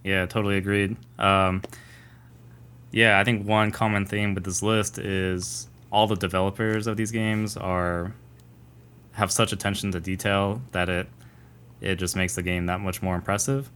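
A man with a deep, smooth, resonant voice co-hosts a casual gaming podcast. He speaks with a flat, steady melody, measured and thoughtful, pausing often on ums. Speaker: podcast co-host.

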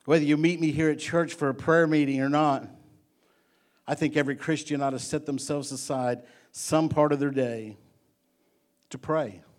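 A man with a fairly high voice preaches to his congregation, earnest and insistent. He restarts and repeats words as he builds toward each point. His sermon rises and falls as he presses the message home. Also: steady tone, normal speed, long pauses. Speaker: pastor.

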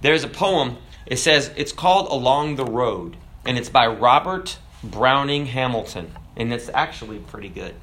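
A man's voice: mid-range voice, lively intonation, moderate pace, few pauses, fairly bright tone. A man preaching a sermon, talking in a conversational way and asking his listeners rhetorical questions. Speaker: pastor.

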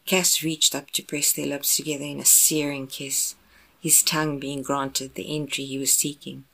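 Low-voiced woman reading a story. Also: flat delivery, moderate pace, gravelly, sharp tone. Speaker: audiobook narrator. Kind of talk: scripted narration of romance fan fiction.

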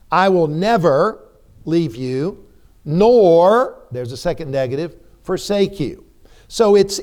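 Middle-aged male preacher, emphatic and questioning, smooth clear tone. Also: a little high, a little mellow. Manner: emphatic, repeats words for emphasis, asks the congregation questions. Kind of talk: sermon.

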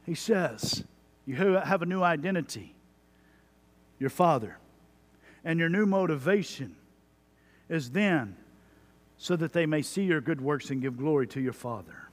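A man in his forties from Texas preaching a sermon as pastor, animated, with lively asides about his own family. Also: on the high side, measured pace, long pauses. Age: 40s. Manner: animated preaching, mimicking a parent's stock phrases.

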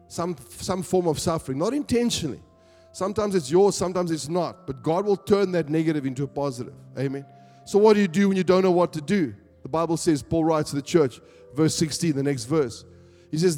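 A man's voice: fairly high pitch, warm tone. A man with a South African accent, preaching a sermon to a church congregation and building to emphatic calls for agreement. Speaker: pastor. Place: church hall. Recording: long church hall reverb with faint music.

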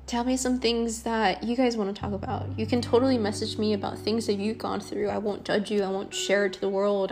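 A young woman hosting her own podcast, talking earnestly and rambling a little, with frequent ums and soft laughs. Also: medium pitch. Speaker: podcast host. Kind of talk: casual solo podcast talk.

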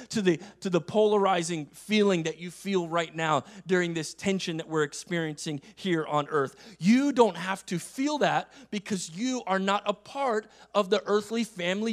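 A male pastor delivering a sermon, emphatic, repeating phrases and swinging between loud passages and quiet asides. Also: high voice. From United States.

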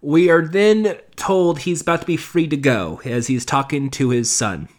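A man's voice: a little high, moderate pace. A man casually recapping a TV episode, rambling with sarcastic asides. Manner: rambling, with many fillers and restarts. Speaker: show reviewer.

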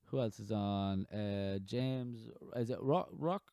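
A man in his thirties hosting a podcast in casual chat, rambling and halting with frequent restarts. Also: fairly low pitch, dark tone, clear, resonant tone, no room sound. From Ireland. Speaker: podcast host.

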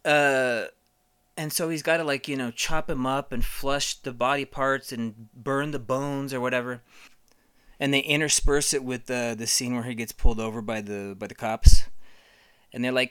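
Brief: man, bright forceful voice, rambling crude comic storyteller, swears freely. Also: mid-range voice, steady tone, normal speed, clear, resonant tone. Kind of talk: casual comedic storytelling.

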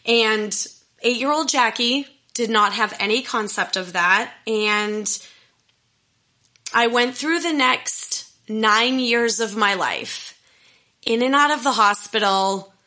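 A woman's voice: on the high side, takes it slowly, bright, forceful tone. A young woman telling a candid personal story in an earnest, emotional, self-deprecating way. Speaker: storyteller sharing personal history.

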